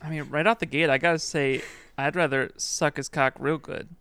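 A man's voice: on the high side, steady tone, normal speed, a bit bright, smooth. A man co-hosting a podcast, explaining in a dry, wry way. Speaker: podcast co-host. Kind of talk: casual chat.

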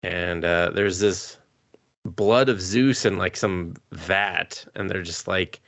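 A man's voice: low-pitched, slow, a bit bright, no echo. A man hosting a podcast, recapping anime in a rambling, profane, casual way while sick with a cough, chuckling often. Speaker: podcast host.

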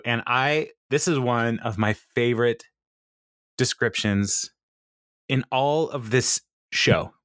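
A man's voice: mid-range voice, a bit bright, dry recording, clean studio sound. A man co-hosting a podcast, recapping a TV episode in casual chat and laughing often as he retells scenes. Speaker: podcast co-host.

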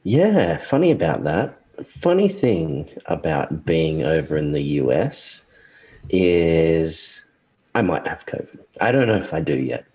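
A man with a very deep voice who sounds sniffly and congested as he co-hosts a casual podcast chat. He talks in a laid-back, teasing way, trading banter with his co-host. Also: big pitch swings, slow, warm tone.

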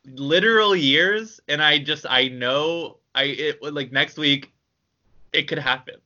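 A man's voice: fairly high pitch, slow pace, bright, forceful tone, muffled recording. A man co-hosting a podcast in casual chat, rambling with many fillers and laughing as he talks. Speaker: podcast co-host.

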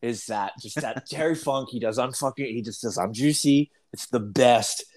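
A man co-hosting a podcast, telling stories in an animated way and swearing freely in casual chat. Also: mid-range voice, moderate pace. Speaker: podcast co-host.

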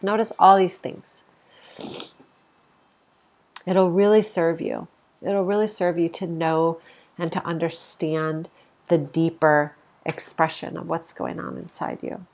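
Speaking from home in a voice on the low side, this spiritual podcast host sounds congested. As a yoga teacher she keeps the talk casual, enthusiastic and easygoing, sprinkled with gentle laughter and fillers.

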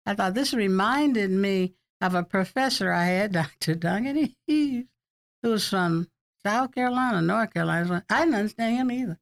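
A woman's voice: mid-range voice, lively intonation, moderate pace, creaky. An older woman in an oral history interview, recalling colleagues as a chatty storyteller who laughs often.

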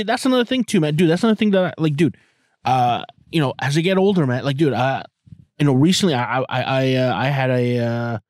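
A man in his forties talks in a loose, rambling podcast monologue, swearing and piling up fillers. His voice sits at an ordinary pitch, and the recording is dry and close with no room sound around it. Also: a little mellow, no room sound. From outside the US. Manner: rambling, profane, full of fillers. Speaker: podcast host. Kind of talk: casual monologue.

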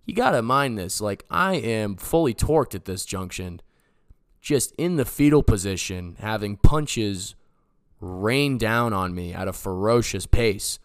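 A man's voice: fairly low pitch, expressive, a little slow, smooth, dry recording, clean studio sound. A man in his twenties, a podcast host, telling a personal story in a loose, rambling way, full of "like" and "you know". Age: 20s. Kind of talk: casual storytelling.

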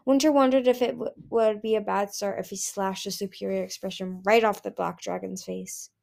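A woman's voice: mid-range voice, steady tone, moderate pace, creaky, darkish tone. A woman reading a fantasy novel aloud, hesitant, with frequent restarts. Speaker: audiobook reader.

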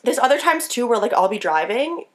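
A young woman co-hosting a casual chat, telling stories in a crude, animated way. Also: fairly high pitch, a little fast. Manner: crude, animated storytelling with frequent laughter.

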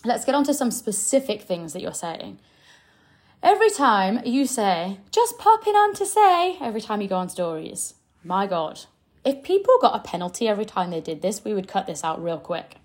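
A woman's voice: mid-range voice, very animated, normal speed, darkish tone. A young woman giving blunt, emphatic coaching advice straight to her audience. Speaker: sales coach. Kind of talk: direct coaching talk to camera.

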